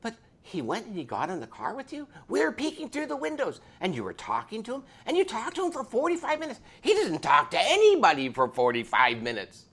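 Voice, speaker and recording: Narrator doing scared biker's girlfriend, tough but anxious, insisting, voice swinging high and low. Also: huge pitch swings, fairly quick, hardly any pauses, a bit bright, heavily acted.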